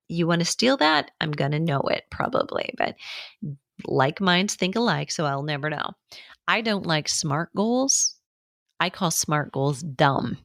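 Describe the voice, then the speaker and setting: A middle-aged woman with a fairly low voice hosts a solo coaching podcast. She talks in a chatty, brisk way, speeding up and slowing down and breaking off into asides. The recording is dry and close, with no room sound. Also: vocal fry, dry recording. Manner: chatty, brisk, with uneven pace and frequent asides. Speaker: podcast host.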